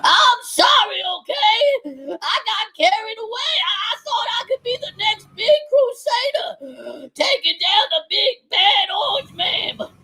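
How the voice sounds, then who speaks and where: Brief: płaczliwa, błagająca urzędniczka, grana przez kobietę, bardzo wysoki, ostry głos. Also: female voice, very high voice, very animated, a little slow, sharp tone, raised voice, full character voice, low-quality recording. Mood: sobbing. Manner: wailing, sobbing pleas. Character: whiny panicking woman official, begging, gluttonous. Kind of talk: parody comedy sketch.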